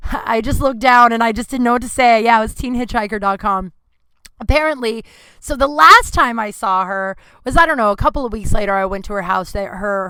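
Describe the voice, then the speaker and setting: A woman in her thirties hosting a podcast, telling a rambling, profane story in a casual, animated way. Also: medium pitch, clear, resonant tone, no room sound. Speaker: podcast host.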